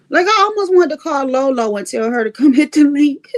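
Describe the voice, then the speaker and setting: A woman chatting on her livestream in a high, gravelly voice. She tells stories with lots of energy, laughs often and swears freely. Her delivery is loose and unscripted. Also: very animated, normal speed, long pauses. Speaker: livestream host. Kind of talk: casual storytelling chat.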